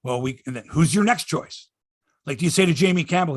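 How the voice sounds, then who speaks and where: A man's voice: fairly high pitch, animated, a little fast, no room sound, clean studio sound. Rambling, joking middle-aged male podcast host. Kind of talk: casual sports podcast chat.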